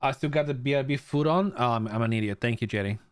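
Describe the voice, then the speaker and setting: Talking at a quick pace in a smooth, mid-range voice, this young Bulgarian man hangs out with his stream's viewers. He greets people in chat by name, swears freely, and stammers as he restarts.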